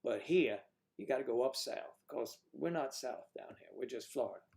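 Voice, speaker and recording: Expressive and a little mellow, this man's mid-range voice carries some vocal fry at a normal speed. He's a livestream host from the northern United States, chatty and jokey, reading out viewer comments and replying casually.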